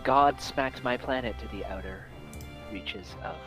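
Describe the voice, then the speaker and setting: A man's voice: on the low side, measured pace, music in the background. Dry-humored man giving short replies. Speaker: player. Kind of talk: casual chat at game table.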